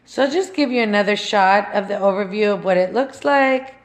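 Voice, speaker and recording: A woman's voice: mid-range voice, fairly quick. A woman giving a casual, affectionate home tour vlog from her own house, filming with a handheld camera and talking in a gushing, sentimental way. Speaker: home decor vlogger. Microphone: handheld camera she turns around to film.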